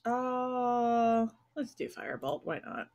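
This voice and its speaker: A woman's voice: fairly high pitch, animated, slow pace, a little mellow, highs cut off. A woman playing a tabletop game, casual and swearing offhandedly. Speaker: player.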